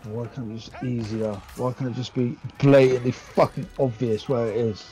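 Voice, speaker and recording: A man's voice: medium pitch, steady tone, normal speed, warm tone, soft background music, rough recording. A man playing a strategy game and ranting in frustration, swearing heavily as he talks. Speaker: gamer streaming a match. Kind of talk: casual gameplay chat.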